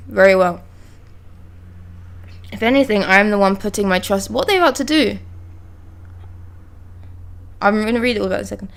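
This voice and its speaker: A young woman on a live stream reads manga dialogue aloud, stopping to react with excited exclamations and swearing. Her voice is medium-pitched and creaky.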